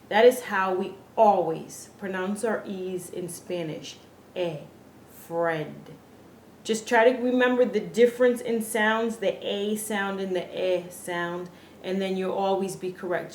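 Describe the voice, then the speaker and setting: A woman teaching Spanish pronunciation, speaking slowly and deliberately and repeating each word with care. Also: mid-range voice, slight background noise. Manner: slow, deliberate, repeats words carefully. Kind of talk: slow instructional lesson. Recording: echoey room, faint ambience.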